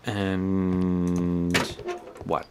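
While playing a game, a man with a deep voice offers casual let's-play commentary, rambling, swearing, and talking to himself. His delivery is completely flat with drawn-out words, and faint music plays behind him.

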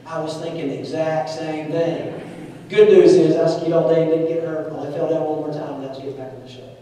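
Animated preacher in an echoey hall. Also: male voice, on the high side, quick pace, a little hiss or hum. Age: 40s. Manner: animated, acts out voices in his stories. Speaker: pastor. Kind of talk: sermon with storytelling. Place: church sanctuary. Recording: echoey church hall, mic at a distance.

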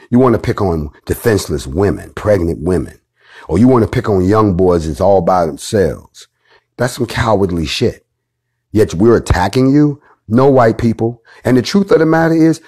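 A man giving a live speech, repeating lines like a preacher, blunt and profane, moving from quiet talk to fiery outbursts. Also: deep voice, slightly rough. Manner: preaching, repetitive rhetorical cadence, swings from quiet to fiery. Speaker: group leader addressing followers.

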